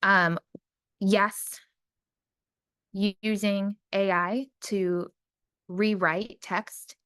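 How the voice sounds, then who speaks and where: A woman who works in special education, giving a casual screen-recorded demo lesson and reading her typed prompts aloud slowly. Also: mid-range voice, level tone, fairly bright tone, clean tone, no echo. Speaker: special education teacher trainer.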